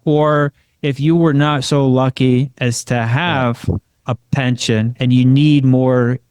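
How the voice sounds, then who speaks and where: Confident co-host, dry sound. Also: male voice, medium pitch, a little mellow, smooth, dry recording. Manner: confident, tags questions with "right?". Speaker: podcast co-host, financial advisor. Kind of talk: casual explanatory talk.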